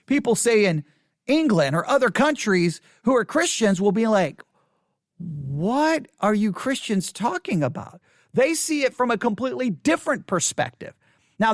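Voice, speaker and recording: A man's voice: extremely high pitch, a bit bright, no room sound, clean studio sound. A man hosting a theology podcast, talking in an emphatic, opinionated monologue full of repetition and wry asides. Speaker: podcast host. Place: West Texas.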